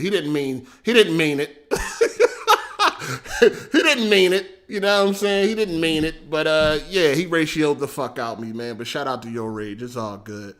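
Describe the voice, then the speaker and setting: A man hosting a casual livestream, animated and slangy, laughing often and swearing freely. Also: a little high. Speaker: livestream host.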